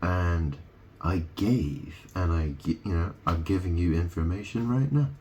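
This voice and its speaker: A man's voice: deep voice, measured pace, warm tone, a little hiss or hum. A man in a rambling monologue, punning on words and often asking "right?" as he talks to the camera. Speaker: video host.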